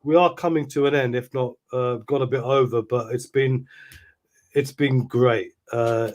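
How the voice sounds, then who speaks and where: A man hosting a live-stream interview, reading out viewer comments in a soft-spoken, admiring way with hesitant fillers. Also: medium pitch, steady tone, measured pace. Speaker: interview host.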